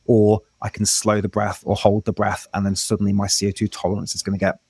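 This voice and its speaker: A man's voice: on the low side, little pitch movement, fast, gravelly, a little mellow, husky, no room sound, studio quality. A man, a breath work coach, explaining techniques in a casual interview with frequent restarts.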